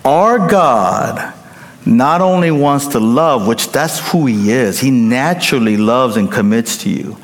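A man preaching a sermon as pastor, emphatic, rising to loud peaks and dropping to hushed endings, often checking in with the congregation. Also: mid-range voice, animated, measured pace. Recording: long hall reverb.

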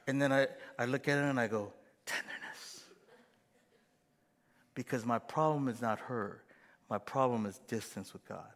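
A middle-aged man preaching a sermon as pastor, animated and acting out quoted voices with gasps. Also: medium pitch, brisk, big-room sound.

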